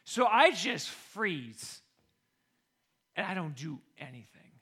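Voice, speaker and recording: Bright-voiced animated storytelling coach. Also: male voice, high voice, slow, slightly rough. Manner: animated, acts out the people he quotes. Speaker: football coach. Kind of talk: personal storytelling.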